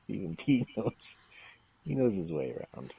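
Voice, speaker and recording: Deep-voiced rambling man telling stories. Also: very animated, normal speed, gravelly, dull audio, slight background noise. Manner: rambling storyteller, laughs often. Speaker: game stream host. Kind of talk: casual chat while gaming.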